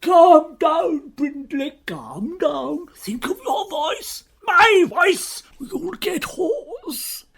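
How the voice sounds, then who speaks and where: An actress playing a fussing, tipsy female agent with a husky voice in a radio comedy. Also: high voice, big pitch swings, very slow, few pauses, a little mellow, exaggerated voice.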